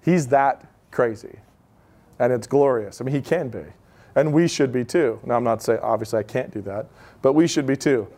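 At a live event, a man in his thirties gives an informal talk to an audience, telling stories conversationally with plenty of asides. His voice is mid-range with a dark tone, and he speaks at a moderate pace.

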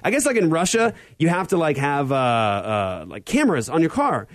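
A man's voice: a little high, normal speed, dry recording. A man in his thirties hosting a casual podcast, telling stories with lots of fillers and energy. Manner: animated storyteller, many fillers. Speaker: podcast host. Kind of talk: casual chat.

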